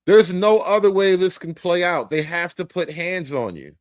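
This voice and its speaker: A man's voice: high voice, animated, moderate pace, no echo, studio quality. A man giving a casual, profane, joking commentary as the host of a reaction show.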